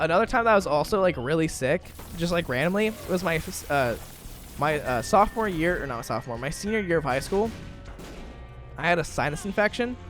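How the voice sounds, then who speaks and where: A man's voice: on the high side, a bit bright. A man in his twenties casually chatting while playing a game, rambling through stories with lots of fillers. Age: 20s. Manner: rambling storytelling with many fillers. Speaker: gaming YouTuber. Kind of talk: casual let's-play commentary.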